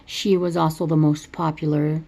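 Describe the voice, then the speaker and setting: Gravelly-voiced woman rambling through a story. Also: low-pitched, level tone, moderate pace, dark tone. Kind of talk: casual movie plot retelling.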